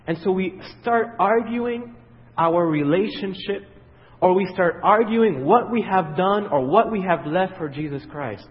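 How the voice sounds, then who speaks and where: A man preaching a sermon, asking the congregation questions and waiting for their answers, swinging from loud emphatic peaks to quiet, low passages. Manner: asks the audience questions and pauses for their answers. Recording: dull, reverberant hall sound.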